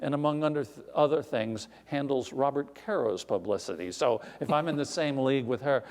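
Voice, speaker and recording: An older male author telling stories on stage before an audience, animated and self-deprecating, with frequent restarts. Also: mid-range voice, brisk. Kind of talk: live author conversation on stage. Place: recital hall before an audience. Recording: long hall reverb.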